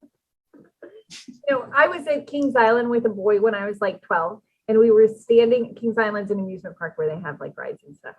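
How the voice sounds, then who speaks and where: A woman's voice: on the high side, normal speed, muffled recording. A woman co-hosting in casual chat, chatty and giggly as she tells stories. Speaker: co-host.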